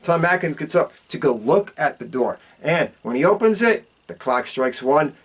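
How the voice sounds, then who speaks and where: Profane, animated man recapping a movie. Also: unhurried. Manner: animated storytelling with big pitch swings; profane, repeats a catchphrase. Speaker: podcast host.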